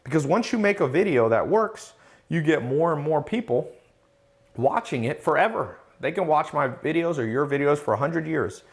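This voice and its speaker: A man's voice: on the high side, lively intonation, normal speed. Confident man hosting a casual Q&A. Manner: confident, emphatic, lecturing with rhetorical questions; reads out chat questions, then answers. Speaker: host answering viewer questions. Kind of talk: casual live Q&A chat.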